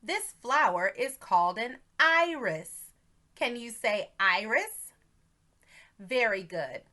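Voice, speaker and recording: A woman's voice: fairly high pitch, bright, forceful tone. Sing-song preschool teacher woman. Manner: slow, sing-song, encouraging teacher talk with exaggerated emphasis. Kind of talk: teaching a video lesson to young children.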